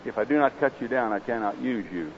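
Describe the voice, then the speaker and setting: A man voicing the grave, loving male master of a garden, speaking slowly and solemnly. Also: medium pitch, natural voice. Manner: slow, solemn and measured. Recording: slightly dull with faint hiss.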